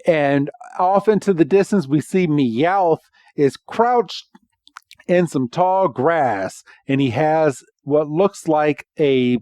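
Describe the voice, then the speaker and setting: Slow, animated man recapping a cartoon. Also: on the high side, no echo, clean studio sound. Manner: animated storytelling, full of voiced quotes. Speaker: podcast co-host. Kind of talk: casual episode recap.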